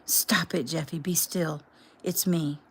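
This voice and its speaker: Firm steady rescuer, low voice, read by a woman, calm. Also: slow, slightly rough, heavily acted.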